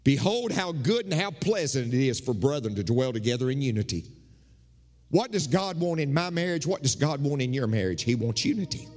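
A man preaching a sermon, his voice rising and falling in lively swings as he drives his points home. He slips into the voices of his congregants as he tells stories. The sound carries the long reverb of a church sanctuary. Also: fairly quick, faint music behind. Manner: animated preaching, mimics congregants with shifting pitch. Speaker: pastor.

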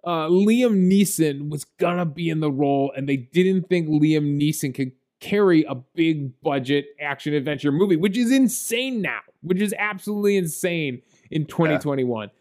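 A man's voice: fairly high pitch, expressive, moderate pace, few pauses, darkish tone. A man co-hosting a podcast, chatting casually about a movie with lots of fillers and laughs. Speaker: podcast co-host. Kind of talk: casual movie review chat.

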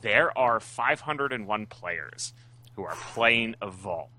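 A man's voice: lowish voice, animated, slow pace, sharp tone, slight background noise. A man co-hosting a casual gaming podcast, wry and matter-of-fact. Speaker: podcast co-host.

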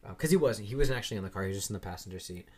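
A man's voice: animated, rapid-fire. Young guy rambling thru old school stories, swears a lot, jumps into silly voices. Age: young adult. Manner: rambling, swearing, acts out quoted voices with big jumps up in pitch. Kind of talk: casual storytelling chat.

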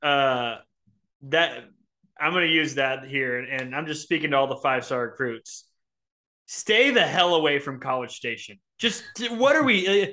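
A man hosts a casual sports podcast with a bright, ringing tone. He rants in a jokey, exasperated way, speaking into a studio podcast microphone. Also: mid-range voice. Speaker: podcast host.

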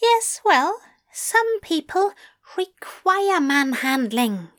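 A woman's voice: extremely high pitch, big pitch swings, very slow, fairly bright tone, voice pushed up, exaggerated voice. A woman voicing a prim, fussy male angel who teases in a genteel, breathless way. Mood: teasing.

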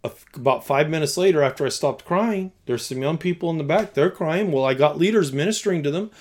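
A man with a somewhat raised voice tells a story in conversation, as a youth pastor. He acts out his own past thoughts and lines. His delivery is animated, going from loud bursts down to near-hushed tones. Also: a little high, fast talker.

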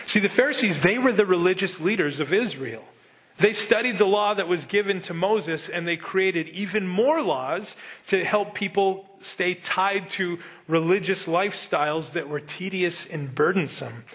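A man preaching a sermon with a somewhat high-pitched voice. As a middle-aged pastor, he keeps an easy, conversational tone and often turns to the listeners with rhetorical questions. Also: a bit bright.

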